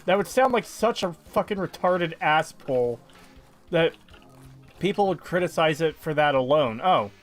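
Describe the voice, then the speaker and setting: A man's voice: fairly high pitch, animated, measured pace, soft background music. A man chatting casually on a gaming stream, arguing his points with frequent swearing. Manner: argumentative, profane.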